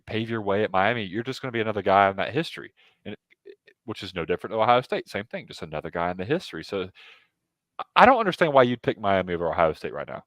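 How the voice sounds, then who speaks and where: A man co-hosting a sports podcast, talking casually and getting animated with quick asides. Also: sits low, no room sound. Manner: animated, excitable, jumps in with asides. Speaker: podcast co-host.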